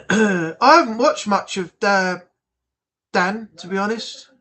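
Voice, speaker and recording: A man's voice: high-pitched, slow, pushed and bright, husky. A man from the United Kingdom hosting a casual livestream chat, rambling and blunt. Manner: rambling, chatty, blunt, with frequent restarts. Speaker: livestream host. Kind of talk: casual live chat reading comments.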